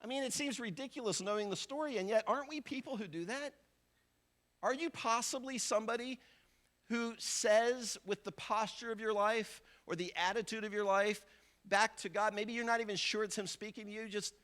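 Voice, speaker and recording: A man's voice: sits high, moderate pace, fairly bright tone. A man preaching a sermon as a visiting pastor, talking in a conversational way and acting out the thoughts of everyday people. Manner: conversational preaching, acts out everyday inner voices.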